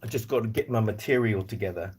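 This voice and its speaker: A man's voice: on the low side, quick pace, a little mellow, slightly rough. A man from Northern Virginia hosting a casual live stream about rescue animals, jokey and rambling as he answers viewer comments aloud. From Northern Virginia, US East Coast.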